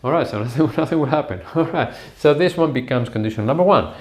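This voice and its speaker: A man's voice: a little high, animated, fast, darkish tone. A man teaching English grammar at a whiteboard, explaining patiently step by step and drawing out words as he writes. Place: classroom with a whiteboard. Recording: echoey room.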